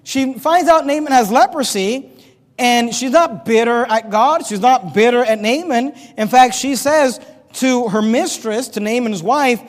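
A man preaching a sermon in a church, reading scripture aloud and acting out the characters with animated emphasis. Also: very high-pitched, unhurried, in a large hall. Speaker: pastor.

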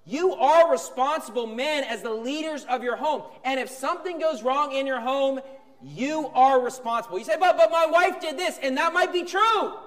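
A high-pitched male pastor delivering a sermon with emphatic swings between sharp shouts and calm, low-key stretches. His voice rings through a church hall with a long, lingering reverb. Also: normal speed.

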